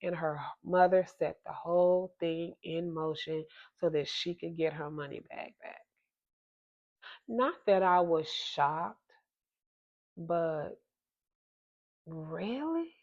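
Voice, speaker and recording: Halting, emotional woman telling a story. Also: lowish voice, fairly even intonation. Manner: halting, emotional, many restarts. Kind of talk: personal story monologue. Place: at home. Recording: slightly dull lo-fi sound.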